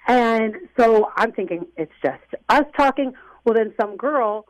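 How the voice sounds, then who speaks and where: A woman's voice: fairly high pitch, animated, a little slow, no room sound, low-quality recording. A young woman calling in to a radio advice show, flustered and rambling, saying "like" a lot. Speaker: caller. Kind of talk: call-in radio chat.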